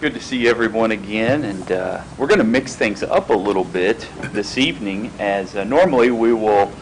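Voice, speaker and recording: A man at a school board meeting introducing a guest speaker, halting with frequent fillers. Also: lowish voice, a little hiss or hum, low-quality recording. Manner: halting, many fillers and restarts. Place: meeting room.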